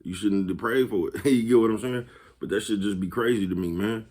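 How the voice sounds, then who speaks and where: A man with a fairly low voice, talking to camera in a loose, slangy monologue. He swears freely, laughs between points, and keeps checking that you follow his meaning. It has the easy rhythm of a casual motivational vlog. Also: fairly quick, darkish tone. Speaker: vlog host.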